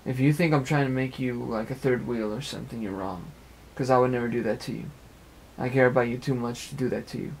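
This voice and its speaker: A man's voice: medium pitch, fast talker, gravelly, a little hiss or hum. A young man talking at length in an earnest, rambling personal monologue, repeating phrases as he goes, recorded in an apartment. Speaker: amateur web radio speaker.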